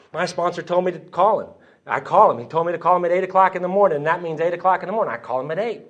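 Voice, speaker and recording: A man's voice: sits high, fast, pauses often, fairly bright tone, highs cut off. A man telling his recovery story to a crowd in a church hall, acting out the voices of the people he quotes. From Texas. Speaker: AA speaker sharing his story. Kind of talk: storytelling talk at a conference.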